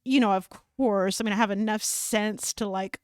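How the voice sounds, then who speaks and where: A woman's voice: medium pitch, steady tone, moderate pace, dry recording. Middle-aged woman, podcast co-host, chatty storyteller, dry close sound. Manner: storytelling with laughs and restarts. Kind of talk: casual faith podcast chat.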